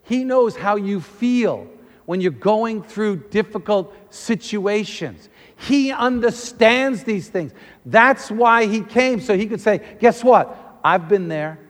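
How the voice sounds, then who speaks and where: A male pastor with a high voice delivers an animated sermon in a church hall. He acts out the voices of people he quotes as he goes, and a long reverb trails after his words. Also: slow pace.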